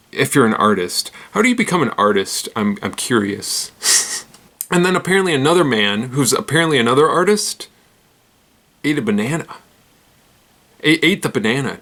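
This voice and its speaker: A man hosts a casual roundup of odd news stories at an ordinary mid pitch. He rambles, fumbles names and restarts his sentences. He giggles at his own lines and makes fun of himself. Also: fairly bright tone. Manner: rambling, giggly, self-deprecating. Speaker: host.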